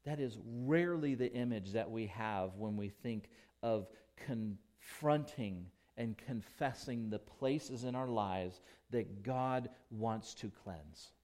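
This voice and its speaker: A male pastor preaching a sermon, emphatic, with big swings between quiet and loud. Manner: slow, emphatic preaching with dramatic swings in volume and pitch.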